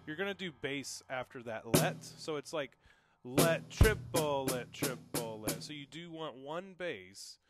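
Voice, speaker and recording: Relaxed male drum teacher. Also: on the high side, normal speed, hardly any pauses, loud music behind the voice. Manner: relaxed, reassuring, counts and calls out strokes aloud. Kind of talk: casual instructional talk. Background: drum kit playing.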